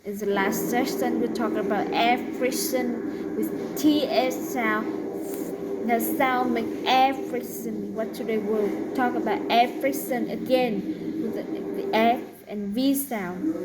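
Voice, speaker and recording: A woman teaching a pronunciation lesson, saying each example word slowly and carefully. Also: a little high, very noisy. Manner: slow, deliberate, drawn-out example words.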